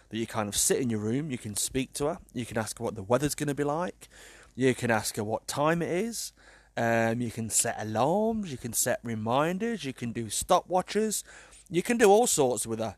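A man's voice: on the high side, dry recording. A young man from the UK, chatting casually to camera in an exasperated, joking way with swearing. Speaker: vlogger.

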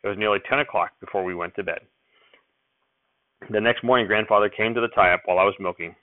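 A man narrating a first-person story as an audiobook reader, in a plain, steady storytelling way. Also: fairly low pitch, fast talker, no room sound, narrow, tinny audio.

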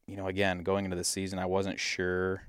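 A man from Michigan telling a hunting story in a casual, animated way, acting out what people said. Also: low-pitched, a little fast, smooth, dry recording, studio quality. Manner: animated, acts out quotes in his story. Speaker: podcast guest, hunter.

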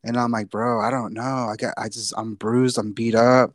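A man's voice: mid-range voice, little pitch movement, normal speed, no echo, clean studio sound. A young man from Texas telling a long personal story on a podcast, casual and profane, often repeating himself. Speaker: podcast co-host.

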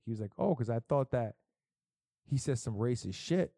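A man's voice: medium pitch, animated, brisk, warm tone, dry recording, studio quality. A middle-aged man telling stories in casual, profane chat, as a podcast host. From Puerto Rico heritage. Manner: profane, storytelling, emphatic.

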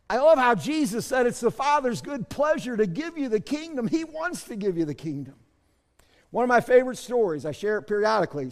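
A man pastor preaching a sermon, moving between soft asides and loud shouted bursts. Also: sits high, big-room sound.

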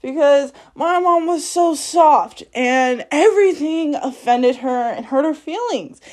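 Slow-talking high-voiced woman, frank and profane. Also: darkish tone. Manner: frank and profane, laughs often while telling. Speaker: podcast host. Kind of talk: candid personal monologue.

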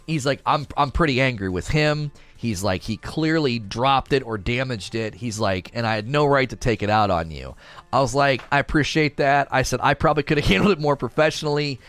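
A young man recounts an angry customer encounter in a mid-range voice, imitating the voices animatedly and laughing often. No room sound is present.

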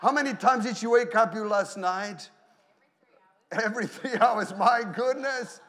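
A middle-aged man with an Australian accent, preaching a sermon in an animated storytelling way, laughing and shouting hallelujahs. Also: high-pitched, measured pace. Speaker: pastor.

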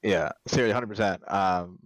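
A man co-hosting a casual podcast chat, talking loosely and excitedly, with many "like"s. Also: sits low, moderate pace, dry recording. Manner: chatty, says "like" a lot, excitable. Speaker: podcast co-host.

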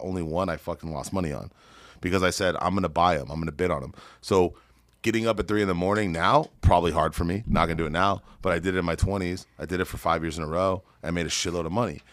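A real estate investor guesting on a podcast tells brash, boastful stories laced with swearing. His voice is low and the recording is dry.

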